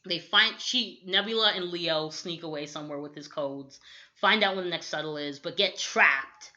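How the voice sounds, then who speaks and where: A young woman co-hosting a podcast, recapping a movie in casual chat and acting out quick quotes, with lots of "like". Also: lowish voice. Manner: animated storytelling with quick acted-out quotes, lots of "like". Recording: dull lo-fi audio.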